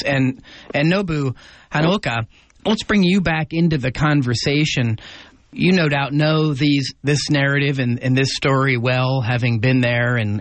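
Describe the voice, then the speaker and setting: A man hosting a radio interview, speaking earnestly and haltingly, often repeating words as he frames a question. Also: mid-range voice, dry recording. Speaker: radio host.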